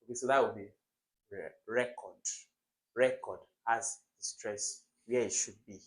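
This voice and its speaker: Lively man teaching an exam lesson. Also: fairly low pitch, normal speed, poor audio. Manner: lively, emphatic, quizzes viewers with rhetorical questions. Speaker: exam prep tutor. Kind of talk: classroom-style exam lesson.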